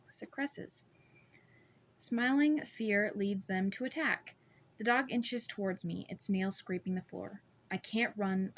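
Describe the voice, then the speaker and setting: A woman reading a first-person novel aloud as an amateur audiobook, steady and measured. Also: medium pitch, slight background noise. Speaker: audiobook reader.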